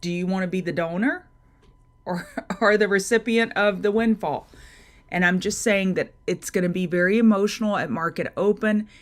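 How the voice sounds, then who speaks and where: A woman hosts a live market-prep trading stream, walking through charts and greeting viewers by name in a chatty way. Her voice is mid-range and her speed normal.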